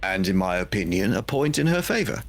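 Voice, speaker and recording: Polite, hesitant low-voiced man. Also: big pitch swings, a little fast, gravelly. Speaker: player. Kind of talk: tabletop role-play.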